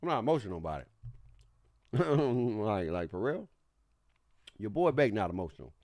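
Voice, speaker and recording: A man's voice: on the low side, sing-song, moderate pace, a crowd in the background. A man hosting a gaming livestream, chatting casually in a laid-back, slangy way, repeating himself as he talks to his viewers. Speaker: streamer host.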